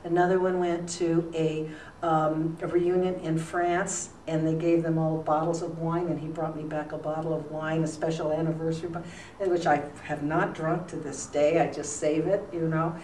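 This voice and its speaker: A woman's voice: sits low, level tone, normal speed. Older woman telling long, rambling stories. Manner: rambling, warm anecdotes with many fillers. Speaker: interviewee, retired newspaper columnist. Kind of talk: relaxed storytelling in an interview. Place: school room. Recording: roomy, distant mic with faint noise.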